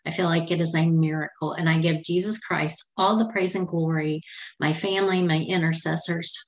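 A woman's voice: sits low, steady tone, moderate pace. A middle-aged woman hosting a podcast and telling a personal story in a chatty, meandering, heartfelt way. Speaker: podcast host.

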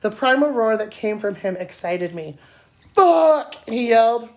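A woman with a breathy voice reading erotic fiction aloud, a bit self-conscious. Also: mid-range voice, moderate pace. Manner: self-conscious, giggly between passages. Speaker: guest reader.

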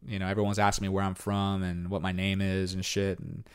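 Puerto Rican man, brisk and clear-voiced, loose code-switching storyteller. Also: low voice, monotone. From born in New York, raised in Puerto Rico. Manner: switches between English and Spanish, many fillers, quotes others in raised voices. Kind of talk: casual bilingual chat.

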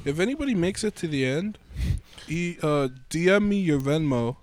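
A man on a podcast talking slowly and hesitantly, drawing out his words in casual chat. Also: fairly high pitch, lively intonation, darkish tone. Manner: slow, drawn-out, hesitant. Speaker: podcast co-host.

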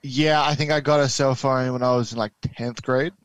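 A man's voice: mid-range voice, steady tone, normal speed, no echo. A young man with an Australian accent chatting casually and laughing easily. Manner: easygoing, laughs often. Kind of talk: casual chat.

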